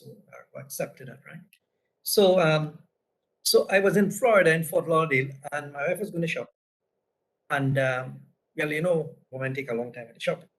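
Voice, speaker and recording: The audio is low quality, with a little hiss or hum, as a Trinidadian-accented man with a fairly high voice teaches about business. He shares casual anecdotes in a conversational way, tacking "right?" onto his points again and again.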